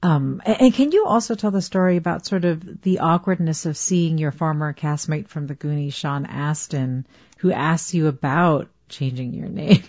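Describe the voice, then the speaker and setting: A woman interviewing a guest, asking measured, thoughtful questions. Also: low-pitched, darkish tone, no room sound, muffled recording.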